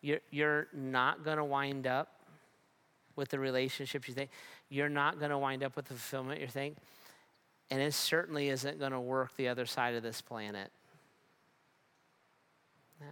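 A pastor preaching a sermon in a conversational way, with humor and frequent restarts. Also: male voice, mid-range voice, fairly even intonation, moderate pace, long pauses, bright, forceful tone, clear, resonant tone.

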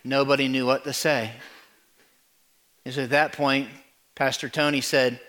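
A man preaching, telling a story, swinging from loud to hushed. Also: medium pitch, level tone, measured pace, long pauses. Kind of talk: sermon storytelling.

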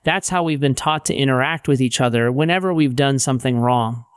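Middle-aged guy narrating his faith book, smooth clear voice, dry close sound, plain and a bit wry. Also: medium pitch, a little fast, no room sound. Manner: plainspoken, wry, steady teaching tone. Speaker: author. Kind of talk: audiobook narration of a Christian teaching book.

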